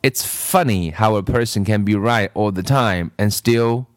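A man's voice: fairly low pitch, unhurried, no room sound, studio quality. A man reading a children's story aloud with playful asides to the listener. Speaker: reader.

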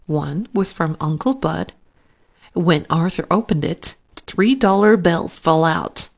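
A woman narrating a children's storybook aloud in a gentle, clear, unhurried way. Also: lowish voice.

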